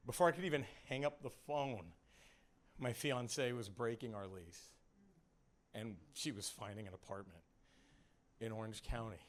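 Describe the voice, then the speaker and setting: A man, a stand-up comedian, telling his own story on a comedy club stage in a loose, conversational way full of "like" and "you know". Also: mid-range voice.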